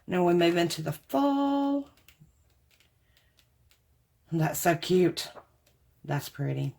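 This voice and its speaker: A woman's voice: lowish voice, big pitch swings, slow, creaky, long pauses, darkish tone. A woman, chatting casually to camera about craft supplies she bought, rambling and calling her viewers y'all. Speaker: craft haul vlogger.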